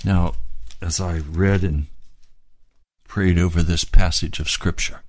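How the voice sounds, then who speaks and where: A man's voice: low-pitched, steady tone, slow pace, no room sound. A man preaching a sermon, explaining scripture phrase by phrase. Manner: expository, explaining scripture word by word.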